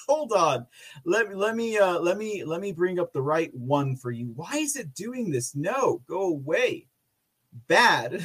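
A man's voice: a little high, very animated, measured pace, breathy edge. A man hosting a political commentary podcast, sarcastic and often laughing. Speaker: podcast host.

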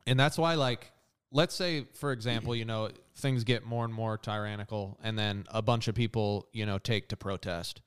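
A man's voice: lowish voice, steady tone, normal speed, clean tone. A man co-hosting a podcast, talking loosely and casually, often saying "dude". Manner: loose and conversational, calls others dude. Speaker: podcast co-host. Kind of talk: casual chat.

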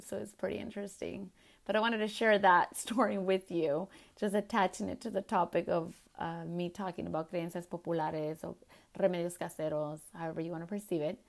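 A woman podcast host and health coach, telling a personal story in a chatty, laughing way and mixing Spanish words into her English. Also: fairly low pitch. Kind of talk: casual storytelling.

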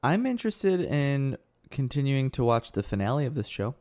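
A man's voice: medium pitch, sing-song, normal speed, a little mellow. A man trades wry jokes while chatting casually on a podcast. His asides come off dry and offhand. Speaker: podcast co-host. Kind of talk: casual chat.

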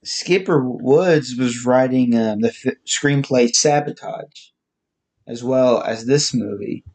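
Guy doing a slow rambly movie review, mid-pitch voice, lots of restarts. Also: a little mellow, slightly rough. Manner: halting, with restarts, listing facts. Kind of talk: casual spoken movie review.

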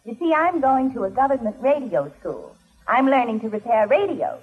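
A woman playing a sassy, sharp-tongued young woman in a 1940s radio comedy, teasing and cutting. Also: on the high side, big pitch swings, moderate pace. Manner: sassy, teasing put-down delivery. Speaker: guest actress in a radio comedy. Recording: tinny, noisy old radio broadcast.

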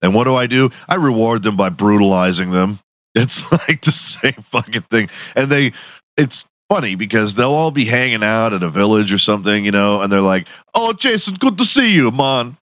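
A man's voice: on the low side, moderate pace, fairly bright tone, no echo. A young man hosting a podcast, telling a profane, laughing story in casual monologue. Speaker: podcast host.

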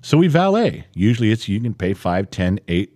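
Middle-aged male co-host, lively pitch, blunt storyteller, dry close sound. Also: normal speed, no echo. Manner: animated storytelling, blunt, swears. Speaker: podcast co-host. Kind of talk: casual chat.

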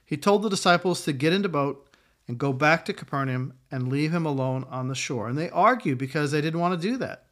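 A man's voice: a little high, lively intonation, fairly quick, a bit bright. A middle-aged man preaching a sermon in a conversational way, acting out quotes along the way. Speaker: pastor.

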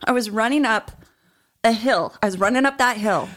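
A woman co-hosting a podcast, telling stories in casual chat in an expressive way, often laughing. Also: fairly high pitch, normal speed. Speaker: podcast co-host.

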